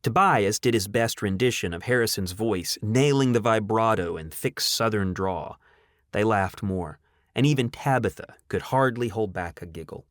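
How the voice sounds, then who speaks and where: A man narrating an audiobook in a dramatic, expressive storytelling manner. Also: on the low side, normal speed, dry recording, clean studio sound.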